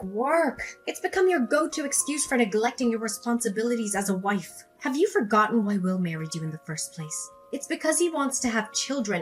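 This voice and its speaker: A woman's voice: medium pitch, lightly acted. An actress playing a pushy, superstitious mother-in-law, scolding and commanding, over faint music.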